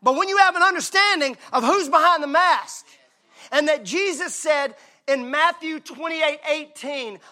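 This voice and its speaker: A male pastor from Mississippi, preaching a lively, joking, conversational sermon. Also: very high voice, unhurried. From Mississippi, USA.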